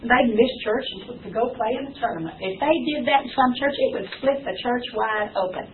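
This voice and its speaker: A woman's voice: on the high side, brisk. An older woman giving an earnest, emphatic church teaching talk, folksy and repeating key phrases for effect. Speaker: speaker teaching ministry wives. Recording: distant, phone-like, faint hiss.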